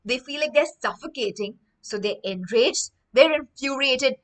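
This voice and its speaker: A woman teacher reading a story aloud to children, stopping often to explain words with animated, emphatic delivery. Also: high voice, moderate pace, poor audio.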